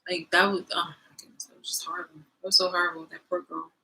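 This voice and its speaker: A young woman vlogging in a casual, animated rant, swearing freely and trailing off into fillers. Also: lowish voice, quick pace, gravelly, husky, low-quality recording. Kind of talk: casual ranting monologue.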